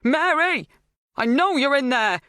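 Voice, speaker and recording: A woman's voice: mid-range voice, lively intonation, moderate pace, a bit bright, no echo, studio quality, pitched above the performer's own voice. A narrator voicing a fearless, determined woman about to become a grandmother, speaking urgently. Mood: fierce.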